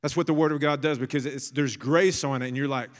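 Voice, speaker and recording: A man in his thirties preaching a sermon as a pastor, telling family stories and building to bursts of excitement. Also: mid-range voice, fast, big-room sound.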